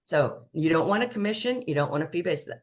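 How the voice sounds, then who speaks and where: A woman's voice: low voice, lively intonation, fast. An older woman, a financial planner, explaining money matters in a casual video chat, emphatic and fond of playful catchphrases.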